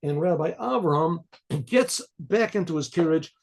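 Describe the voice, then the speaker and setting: A man, a rabbi, telling a story with frequent throat clearing and repeated words. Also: on the high side, lively intonation, a little slow.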